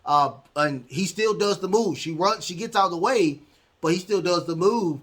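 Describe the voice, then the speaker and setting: A man's voice: sits high, moderate pace, a bit bright, husky. A man hosting a podcast, recapping wrestling matches in a rambling way with lots of ums and uhs. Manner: rambling, heavy fillers, acts out quotes. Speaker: podcast host.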